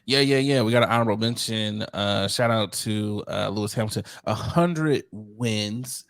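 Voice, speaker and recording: A man's voice: on the low side, level tone, fairly quick, fairly bright tone, clear, resonant tone, dry recording. A man co-hosting a podcast in casual chat, joking and laughing often. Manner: laughing, joking, slips into mock voices. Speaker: podcast co-host.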